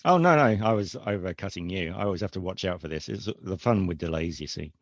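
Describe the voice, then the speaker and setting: A man's voice: low-pitched, lively intonation, fast talker, no echo, highs cut off. A man hosting a casual online roundtable, chatty and enthusiastic, laughing easily as he talks. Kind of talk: casual online group chat.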